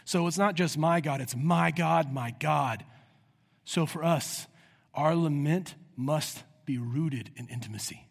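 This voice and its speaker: A man's voice: a little high, a little slow, slightly rough. Man preaching in a reverberant hall. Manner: earnest preaching, acts out prayers in a raised voice. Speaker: pastor. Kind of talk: sermon.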